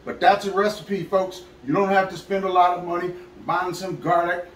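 A man's voice: sits high, steady tone, moderate pace, slight background noise. A man hosting a casual how-to fishing video, chatty and folksy as he talks to viewers. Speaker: fishing channel host. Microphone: camera mic, filmed by a helper.

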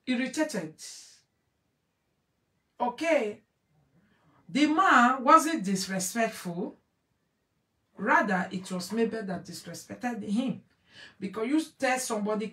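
A woman's voice: on the high side, fairly bright tone, far from the mic. A woman with a Nigerian Pidgin accent hosting an online show, commenting emphatically to her audience and repeating phrases as she switches between pidgin and English. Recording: echoey room, voice away from mic.

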